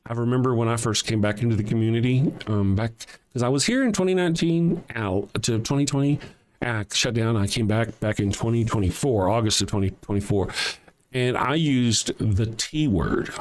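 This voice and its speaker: An older man with a Southern US accent hosts a casual livestream, reading viewer comments aloud. He speaks in a mid-range voice at a moderate pace, bluntly and profanely, chuckling often.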